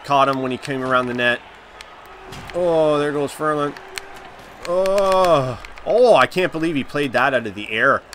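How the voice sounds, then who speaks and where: A man commenting live on the hockey video game he is playing, reacting loudly to each play and groaning at his mistakes. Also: fairly high pitch, a little slow, slight background noise. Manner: excitable, reacts loudly, groans and laughs at plays. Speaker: gaming channel host.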